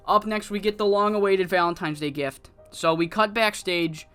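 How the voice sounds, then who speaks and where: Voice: medium pitch, steady tone, moderate pace, a bit bright, clean tone, soft background music. Rambling, swearing game diary narrator. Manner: rambling, profane, many fillers. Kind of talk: casual game commentary.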